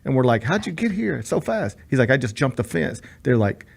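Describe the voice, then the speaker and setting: Animated male sports radio host. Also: medium pitch, a little fast, creaky, breathy edge. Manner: animated storyteller, acts out quotes. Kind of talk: casual sports radio chat.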